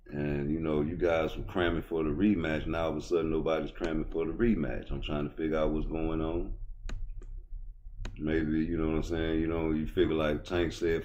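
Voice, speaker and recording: A middle-aged man with a Baltimore accent, giving a blunt, profane, swaggering boxing rant as a YouTube commentator. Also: a bass voice. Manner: blunt, profane, swaggering street talk, rising loud when heated. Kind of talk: casual opinion rant.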